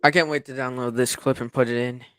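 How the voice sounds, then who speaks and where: Man, casual reaction chat, slangy, excited, smooth voice, dry sound. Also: medium pitch, fast talker, no room sound. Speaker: livestream co-host.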